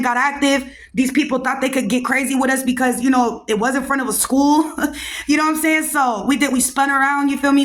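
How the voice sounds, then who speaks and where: Young woman, high voice, podcast host, casual storytelling, animated, slangy, talks to listeners.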